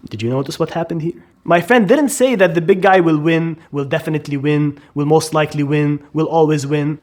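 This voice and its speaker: Guy breaking down arguments, emphatic, lots of rhetorical questions, voice a bit high. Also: a little fast, few pauses, darkish tone. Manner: emphatic, rhetorical questions, repeats words for stress. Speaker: educator. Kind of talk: explanatory commentary.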